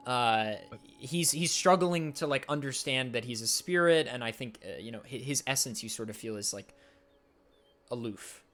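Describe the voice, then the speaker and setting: A man runs a tabletop adventure as game master, painting the scene with booming sound effects and playful asides. His voice sits at an ordinary medium pitch and keeps an easy, storytelling flow. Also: animated, normal speed, a bit bright.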